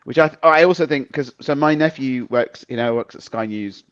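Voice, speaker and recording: A man's voice: medium pitch, normal speed, smooth. A man hosting a podcast, chatting with enthusiasm and passing on anecdotes from friends. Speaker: podcast host. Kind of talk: casual chat. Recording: dull lo-fi audio.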